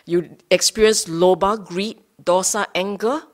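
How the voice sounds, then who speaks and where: A woman teaching Buddhist Dhamma to a study group, unhurried, rephrasing her points and often checking in with her listeners. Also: mid-range voice, fairly even intonation. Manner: rephrases and repeats points for emphasis.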